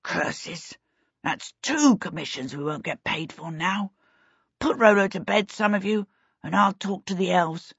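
A fussy kobold leader grumbles and frets in a low, serious tone, read by a woman. The voice is husky and a little breathy. The sound is dry and muffled. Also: measured pace, no room sound, exaggerated voice. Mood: grumbling. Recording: dull lo-fi recording.

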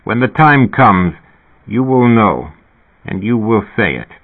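A man reading a grave, calm male mentor with a measured, solemn delivery. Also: lowish voice, exaggerated voice. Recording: narrow, phone-like sound.

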